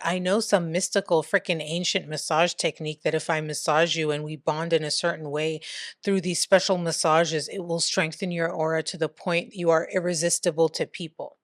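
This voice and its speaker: A woman's voice: fairly low pitch, no room sound, clean studio sound. A woman giving casual commentary in a vlog, chatty, swearing now and then, and reading quotes aloud. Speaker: commentary vlogger.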